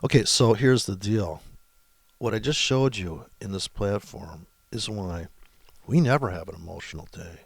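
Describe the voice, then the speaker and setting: A man's voice: fairly low pitch, animated, normal speed, gravelly, husky, no echo. A man giving a casual screen-share trading tutorial, rambling through it with sarcastic, crude asides. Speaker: forex trading presenter.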